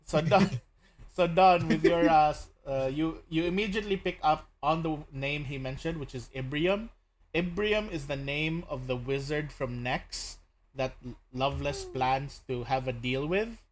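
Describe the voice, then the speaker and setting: A man's voice: a little high, measured pace. A man narrating as game master of a tabletop game, hesitant, filling his speech with "uh" and "basically".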